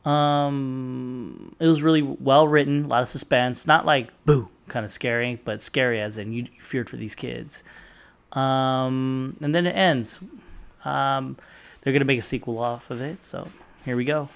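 A man's voice: mid-range voice, a little slow, gravelly, smooth. A young man hosting his own podcast, chatting loosely and profanely with lots of fillers. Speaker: podcast host. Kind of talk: casual solo podcast chat.

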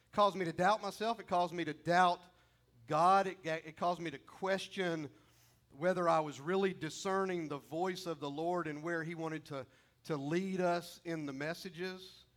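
A middle-aged man preaching a sermon as pastor. He swings from loud, emphatic peaks down to low, quiet asides.

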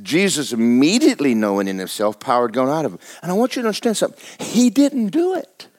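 A man's voice: medium pitch, wildly swooping pitch, racing. A male pastor, preaching a sermon in a folksy, humorous way.

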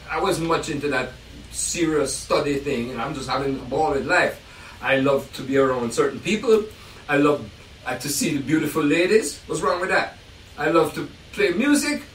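An older man from Jamaica casually telling animated stories about his life as a jazz pianist, laughing often. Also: a little high, slight background noise. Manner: animated, acts out voices in quotes, laughs often. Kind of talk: casual storytelling. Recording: roomy distant sound with faint ambience.

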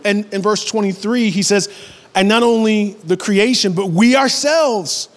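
A man in his thirties preaching a sermon, who builds to high, animated passages and acts out voices in his stories. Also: long reverb tail. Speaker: pastor.

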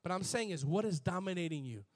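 A pastor preaching a lively sermon to his congregation, leading chants and call-and-response and rising to shouts. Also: high-pitched, fast. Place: church before a live congregation.

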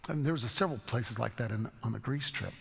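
A man's voice: medium pitch, quick pace, vocal fry, slightly rough, big-room sound. A man giving an informal Bible teaching talk, telling stories in a folksy, rambling way. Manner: storytelling, folksy, rambling with restarts. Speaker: teacher leading a Bible study.

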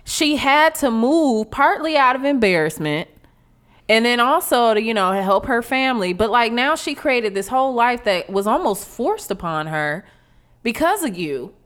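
A woman co-hosting a casual TV recap chat, chatty and expressive, with a lot of "like" fillers. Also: a little high, moderate pace. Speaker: co-host.

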